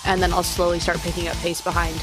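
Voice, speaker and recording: A woman playing a tabletop game, reacting quickly and talking casually. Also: on the low side, little pitch movement, music in the background. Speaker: player.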